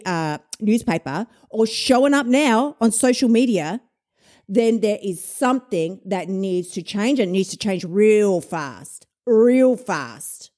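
A woman, a weight loss coach telling a story in a casual monologue, animated, swearing and laughing often. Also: on the high side.

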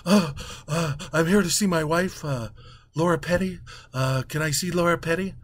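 A man's voice: a little high, no room sound, lightly acted. A man voicing a dazed husband at a hospital who stammers through every sentence without taking anything in. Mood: flustered. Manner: stammering, halting, oblivious.

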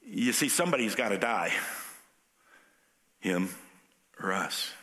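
A male pastor preaching a sermon in an animated, conversational way. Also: on the low side, slow.

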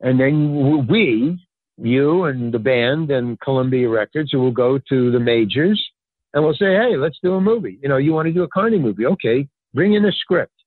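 An older man, a podcast guest, rambles through a casual anecdote at normal speed, acting out quoted dialogue with lively pitch jumps. He's full of fillers and restarts his sentences, and the audio is tinny, like a phone line, dry with no echo.

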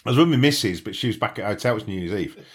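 A man's voice: lowish voice, lively intonation, very fast. A man, a podcast host telling crude stories in casual banter with friends and putting on voices for the people in them. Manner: rowdy storytelling with quoted voices.

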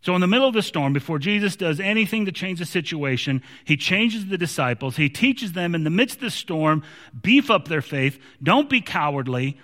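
A man's voice: sits high, lively intonation, normal speed, fairly bright tone, in a large hall. A man preaching a sermon in an emphatic way, sometimes repeating words as he restarts.

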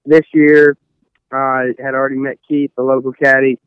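A man's voice: mid-range voice, little pitch movement, normal speed, clean tone, no room sound, lo-fi sound. A young man from Texas, a college golfer rambling casually through an interview with lots of fillers. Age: young adult. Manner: rambling, many fillers and restarts.

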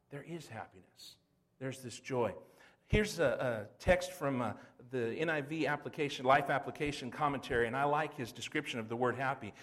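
A man's voice: mid-range voice, a bit bright. A middle-aged man preaching a sermon as pastor, folksy and conversational, with rhetorical questions and asides.

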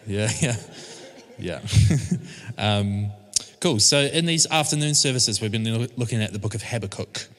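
A man's voice: fairly low pitch, expressive, unhurried, a bit bright. A man from a church team giving an informal sermon, casual and hesitant, full of fillers and restarts. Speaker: church team member preaching. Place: church service room. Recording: long reverb of a church hall.

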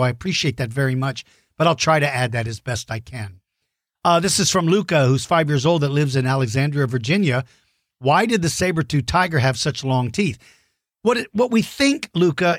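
Guy hosting a kids podcast, kinda high voice, chatty and excited, lots of ums, dry close sound. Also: dry recording. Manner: friendly, enthusiastic, with many fillers and restarts. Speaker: podcast host answering children's questions. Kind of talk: casual chat to young listeners.

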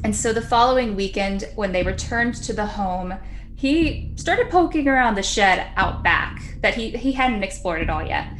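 Woman podcaster narrating a creepy tale in a relaxed, chatty way, mid-pitched voice over a faint hiss of background noise. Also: moderate pace. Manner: chatty, laughs often, acts out quotes. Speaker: podcast storyteller. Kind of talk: casual storytelling.

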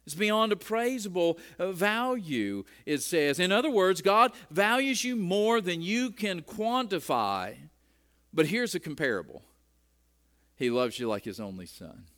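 A man's voice: high-pitched, very animated, unhurried, fairly bright tone. A middle-aged man preaching a sermon in a conversational way, often repeating words as he starts a phrase. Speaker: pastor.

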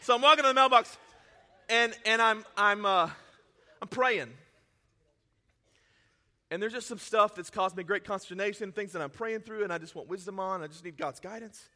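Pastor guy preaching, emotional, goes quiet then loud, kind of a high voice. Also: normal speed, pauses often. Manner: emotional, swings from quiet to shouting; self-deprecating, laughs at himself. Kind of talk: sermon.

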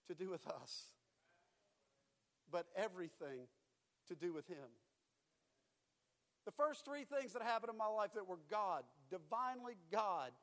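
A man's voice: sits high, a bit bright, long reverb tail. A man preaching a sermon as pastor, emphatic and repetitive, moving into storytelling. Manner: emphatic preaching with repeated phrases, dropping to storytelling.

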